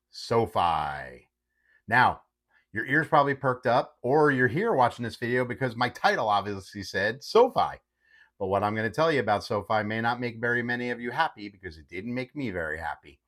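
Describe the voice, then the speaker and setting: A man's voice: mid-range voice, moderate pace. A man hosting his own channel, talking casually and animatedly about a stock's day, tagging many remarks with "okay". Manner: animated, repeats okay often. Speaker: host. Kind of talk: casual market commentary.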